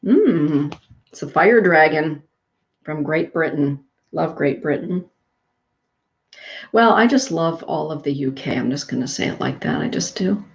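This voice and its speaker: A woman with a lowish voice hosts a live spiritual card reading, chatty and affectionate with her viewers. Her affirmations come soft and gentle. The stream audio sounds dull and lo-fi. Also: vocal fry. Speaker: spiritual show host giving card readings.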